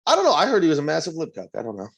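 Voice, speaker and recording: A man's voice: on the high side, huge pitch swings, creaky, breathy edge. A man co-hosting a comedy podcast, teasing his friends and laughing as he chats casually. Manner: teasing, swearing, quick to laugh. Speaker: podcast co-host. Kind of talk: casual chat.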